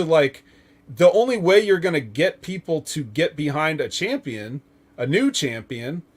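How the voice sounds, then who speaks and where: A man hosting a casual wrestling talk podcast, rambling with lots of fillers and frequent chuckles. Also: on the high side. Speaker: podcast host.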